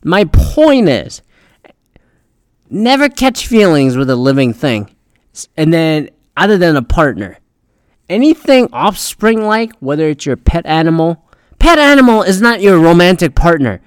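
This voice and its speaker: A young adult man hosting a podcast, ranting in a rambling, profane, animated way. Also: on the high side, moderate pace, clear, resonant tone, no echo. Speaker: podcast host. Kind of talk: profane solo rant.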